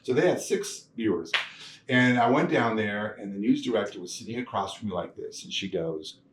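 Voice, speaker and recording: A man telling stories from his career in a casual interview, animated, laughing often and acting out the people he quotes. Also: lowish voice, fairly quick. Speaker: guest, TV producer. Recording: echoey room, mic at a distance, faint noise.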